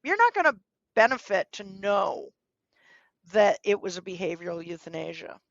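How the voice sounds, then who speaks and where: A woman guest in a podcast interview, speaking earnestly and gently giving advice, now and then acting out what people might say. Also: mid-range voice, big pitch swings, moderate pace, vocal fry, no echo, muffled recording. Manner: earnest, gently advising, acts out quoted speech. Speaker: guest, dog trainer.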